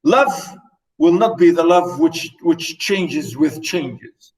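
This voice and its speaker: A man giving an enthusiastic lecture on poetry, reading verse lines slowly and with emphasis, and repeating words to drive a point home. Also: a little high, recorded from a distance, rough recording. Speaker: literature lecturer.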